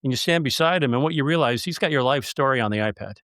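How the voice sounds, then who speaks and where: A man's voice: medium pitch, animated, quick pace, a bit bright, no echo, studio quality. A man hosting a podcast interview, telling stories in a chatty, joking way. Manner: storytelling, jokey and chatty. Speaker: podcast host.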